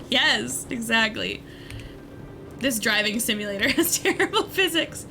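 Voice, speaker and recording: A woman's voice: a little high, expressive, a little slow, gravelly, bright, forceful tone, faint music behind. A woman hosting a charity livestream while she plays a game, playful and giggly as she thanks donors. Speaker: streamer hosting a charity stream. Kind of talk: casual gaming livestream chat.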